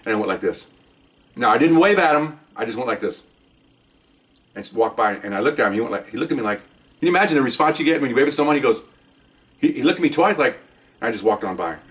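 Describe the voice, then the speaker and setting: An older retired police officer with a mid-range voice talks at a quick pace, pausing at length, heard from a distance. He rambles animatedly through a casual monologue story, regularly checking in with "okay?".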